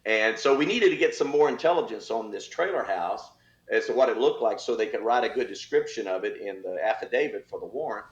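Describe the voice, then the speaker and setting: Older retired cop telling war stories. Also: male voice, lowish voice, fairly quick. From Texas. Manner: animated storyteller, acts out voices. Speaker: retired police officer. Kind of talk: storytelling interview. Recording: roomy, slightly dull sound.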